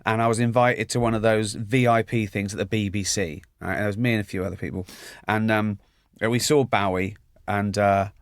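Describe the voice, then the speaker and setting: A man chatting as a guest, telling animated anecdotes and acting out the quoted lines. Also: fairly low pitch, a little fast, hardly any pauses, no room sound, clean studio sound. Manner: animated storyteller, acts out quotes. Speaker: comedian and guest. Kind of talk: anecdotal chat.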